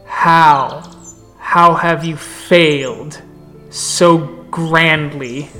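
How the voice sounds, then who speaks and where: A tabletop game storyteller voicing an ancient, wounded male bear shapeshifter who speaks in slow, halting, broken sentences. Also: medium pitch, steady tone, bright, forceful tone, soft background music. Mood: grave. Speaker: non-player character.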